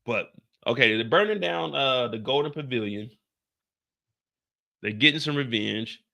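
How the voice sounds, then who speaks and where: A young man from Kansas City hosting a casual livestream, talking loud and jokey and pushing his voice up to entertain. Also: mid-range voice, lively intonation, unhurried, creaky. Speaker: host of a TV show recap livestream.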